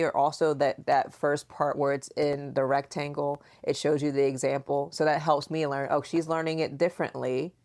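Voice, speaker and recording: Mom in her 40s hosting a podcast, low voice, teasing and animated. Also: normal speed. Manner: animated, teasing, acts out quotes. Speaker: podcast host, mother. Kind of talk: casual chat.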